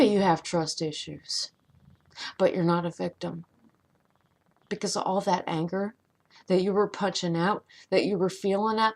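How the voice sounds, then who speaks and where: A woman's voice: on the low side, gravelly. A woman giving an impassioned motivational monologue, profane and emphatic, repeating lines for effect. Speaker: vlogger.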